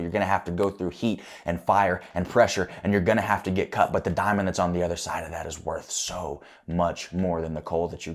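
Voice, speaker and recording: A man giving a motivational speech as a coach, building to loud, impassioned peaks. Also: sits low.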